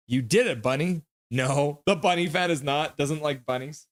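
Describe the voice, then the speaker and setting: A man streaming live reactions to a hockey game, calling plays in quick clipped bits between offhand chat remarks. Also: fairly high pitch, no echo. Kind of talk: casual live play-by-play commentary.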